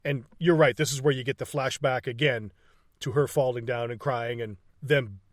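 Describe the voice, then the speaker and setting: A man's voice: medium pitch, steady tone, normal speed, no echo, clean studio sound. A man casually recapping a movie scene by scene, swearing freely, laughing often and acting out lines from the film. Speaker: podcast co-host.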